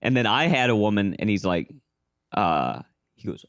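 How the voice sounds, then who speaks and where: A young man with a low voice tells a rambling story on a podcast, slipping into the voices of the people he describes. The sound is dry and close, with no room around it. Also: normal speed, dry recording. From small-town American. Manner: animated storyteller acting out quoted voices. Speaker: podcast host. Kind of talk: casual storytelling.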